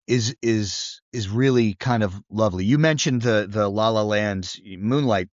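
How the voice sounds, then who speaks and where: A man's voice: fairly low pitch, a little slow, no echo, muffled recording. Man, podcast co-host, storytelling, casual swearing, dry close sound. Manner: storytelling, swears, acts out scenes. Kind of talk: casual film discussion.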